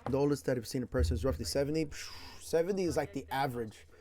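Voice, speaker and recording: A California man who teaches English retells stories casually, quick and medium-pitched. He's slangy, laughs as he goes, and keeps the retelling animated.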